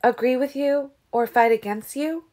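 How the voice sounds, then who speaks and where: A woman's voice: sits high, normal speed, dark tone, voice pushed up, lightly acted. A woman reading as a blunt small vampire woman. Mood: firm. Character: small bold female vampire witness. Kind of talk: audiobook character reading.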